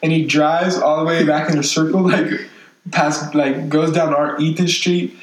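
A man's voice: on the high side, flat delivery, moderate pace. A young man telling a long story in casual, slangy talk, swearing a lot. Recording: echoey room, mic at a distance, faint noise.

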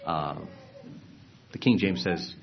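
A man teaching a lesson on Bible translations, explaining earnestly, clearing his throat and restarting phrases. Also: low-pitched, takes it slowly, highs cut off, a little hiss or hum.

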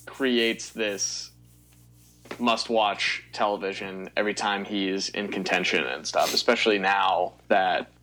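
A man's voice: fairly low pitch, steady tone, a little slow, sharp tone, soft background music. A young man co-hosting a podcast, giving rambling opinions with frequent fillers and restarts. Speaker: podcast co-host. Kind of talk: casual chat.

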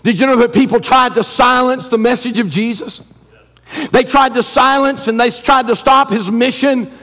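Fervent high-voiced male preacher. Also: fairly even intonation, normal speed. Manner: fervent, building to shouted refrains; reads scripture in King James wording. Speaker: pastor. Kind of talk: sermon.

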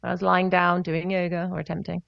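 Chatty woman with a gravelly edge. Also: fairly low pitch, brisk, no room sound, lo-fi sound. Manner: chatty, animated, breaks into voices and laughter. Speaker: guest, singer and vocal coach. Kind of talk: casual interview storytelling.

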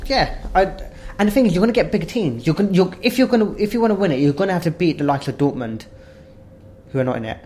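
A man's voice: high-pitched, expressive, fast talker, a little mellow, a little hiss or hum, low-quality recording. A man from England chatting casually about football as a co-host, hesitant, with frequent restarts. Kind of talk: casual chat.

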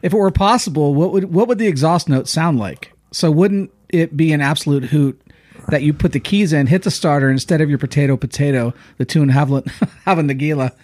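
A man's voice: fairly high pitch, brisk, darkish tone, dry recording. A man co-hosting a casual podcast, wry in manner, reading a listener email aloud. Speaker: podcast co-host.

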